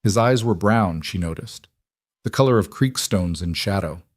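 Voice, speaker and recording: A man narrating a story in a steady, even storytelling manner. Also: low voice, normal speed, no room sound, clean studio sound. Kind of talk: scripted narration.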